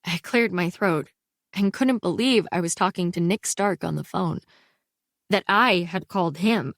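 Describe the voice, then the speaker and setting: A woman narrating a first-person audiobook in an unhurried, expressive reading. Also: lowish voice, no room sound, studio quality. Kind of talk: scripted narration.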